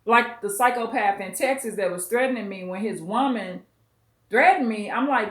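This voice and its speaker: A woman's voice: fairly high pitch, normal speed, a bit bright. A woman hosting a vlog, commenting bluntly and emphatically on a clip, with some profanity. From US West Coast. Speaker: commentary channel host. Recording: roomy echo.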